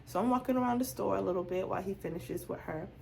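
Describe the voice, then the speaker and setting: A young woman vlogger telling a casual storytime, animated and acting out both sides of her conversations. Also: mid-range voice, quick pace, vocal fry, slight background noise.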